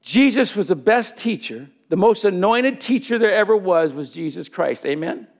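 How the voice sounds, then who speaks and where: High, gravelly-voiced male preacher. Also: lively intonation, moderate pace. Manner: storytelling that acts out dialogue. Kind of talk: sermon.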